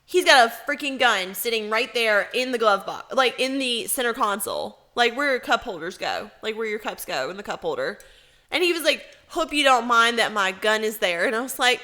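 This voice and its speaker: Bright-voiced woman telling crude stories. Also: on the high side, normal speed. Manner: lively storytelling with profanity. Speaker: podcast co-host. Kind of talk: casual chat.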